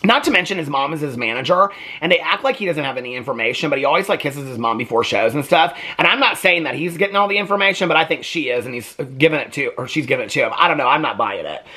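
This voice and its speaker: Husky guy ranting on his vlog, super animated up and down voice, keeps going "okay?". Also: on the high side, fast talker, few pauses. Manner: chatty, keeps asking "okay?" for agreement; acts out quotes in changed voices. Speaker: reaction vlogger. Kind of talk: casual reaction commentary.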